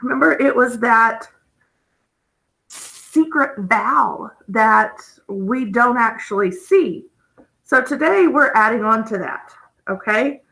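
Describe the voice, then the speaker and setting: Slow, bright-voiced woman teaching phonics. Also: a little high, animated, vocal fry, poor audio. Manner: slow, patient, checks in with "okay?". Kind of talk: phonics lesson.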